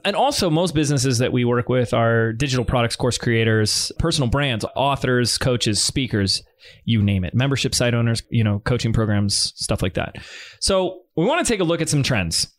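Male podcast host chatting fast and lively, voice bouncing around a lot. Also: medium pitch. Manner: energetic, quick and laughing. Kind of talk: casual chat.

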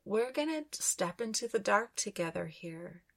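A woman hosting a podcast, describing inner visions in a slow, dreamy channeling session. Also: mid-range voice, expressive, gravelly, a bit bright. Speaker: podcast host.

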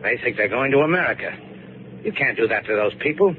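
A man's voice: mid-range voice, lively intonation, fast, natural voice. Slate Shannon, a man as a tough sardonic skipper. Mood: sardonic defiance. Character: tough, sardonic male boat owner. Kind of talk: 1950s radio drama acting. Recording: scratchy old radio broadcast, narrow band.

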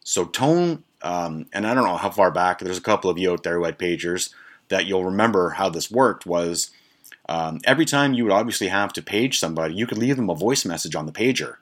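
Low-voiced man telling a rambling story. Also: fairly quick. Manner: profane, rambling, animated anecdote telling. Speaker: podcast host. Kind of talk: casual storytelling.

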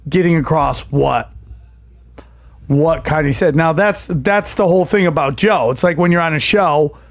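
A man with a high voice hosts a podcast with a teasing, insistent edge. He trash-talks his co-host and keeps pressing the same point. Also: normal speed. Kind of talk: casual banter.

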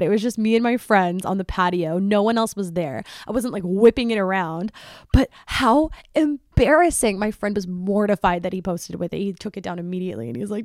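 A woman's voice: medium pitch, brisk, dry recording, clean studio sound. A young woman hosting a solo podcast, telling a story in a chatty, dramatic way, full of "like" and acted-out quotes from friends. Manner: chatty, dramatic, heavy use of "like", quotes friends in animated bursts. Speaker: podcast host.

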